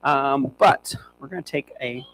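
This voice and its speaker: A man's voice: mid-range voice, a little slow, fairly bright tone, low-quality recording. A young man who trains dogs, demonstrating on a live stream in a chatty, upbeat way and talking to his dogs as he goes. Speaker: dog trainer. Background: faint hum.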